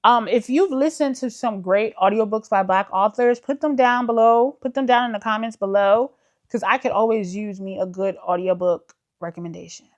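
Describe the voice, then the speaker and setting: A woman's voice: medium pitch, moderate pace. A woman book vlogger in casual chat, enthusiastic and full of fillers, calling her viewers "y'all". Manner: chatty, enthusiastic, uses many fillers like "like".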